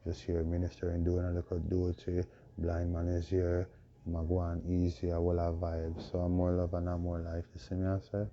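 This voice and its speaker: Hoarse deep-voiced preaching man, tinged. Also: completely flat delivery, normal speed, warm tone. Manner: proclaiming, repetitive, rhetorical questions. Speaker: self-styled preacher. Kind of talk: preaching monologue. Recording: dull lo-fi recording with faint noise.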